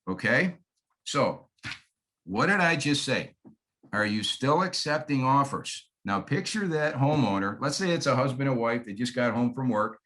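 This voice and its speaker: A man's voice: mid-range voice, lively intonation, moderate pace, fairly bright tone, rough recording. A man in his fifties from Michigan, with a Michigan accent, giving a folksy, emphatic sales training talk and checking in with "okay?". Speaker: real estate trainer.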